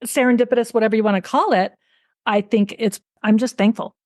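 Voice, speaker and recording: A woman hosting a podcast interview, telling stories in quick run-on bursts and acting out what others said. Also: a little high, dry recording, clean studio sound. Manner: animated storyteller who acts out quotes; fast, run-on talk with restarts. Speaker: podcast host. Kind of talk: casual interview chat.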